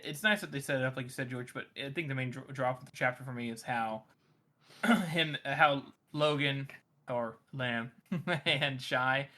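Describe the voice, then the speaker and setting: A man's voice: a little high, sharp tone. A man co-hosting a book podcast, casually giving his take on a chapter. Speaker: podcast co-host. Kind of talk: casual chat.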